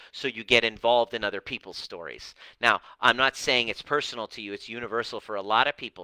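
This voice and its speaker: A man coaching live viewers, telling stories with lively acted-out dialogue and casual swearing. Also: fairly low pitch, clear, resonant tone, no echo, poor audio. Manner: animated storytelling, acts out dialogue, swears casually. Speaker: relationship coach. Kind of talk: live-stream coaching talk.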